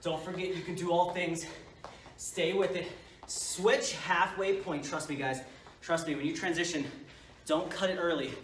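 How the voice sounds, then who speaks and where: A man coaching a workout in a high, urging voice, pushing everyone through the set with pep talk. He is recorded in an echoey studio from some way off the mic, with a faint hiss behind him. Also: fairly even intonation, moderate pace, a bit bright. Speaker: fitness coach. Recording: echoey room, mic at a distance.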